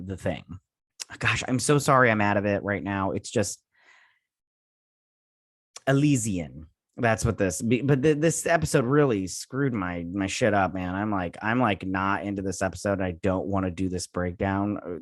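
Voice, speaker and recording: A man's voice: fairly low pitch, a bit bright, dry recording, clean studio sound. Rambling, frustrated male reviewer. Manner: rambling, frustrated, many restarts and fillers. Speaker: YouTube review host. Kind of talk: casual spoken review.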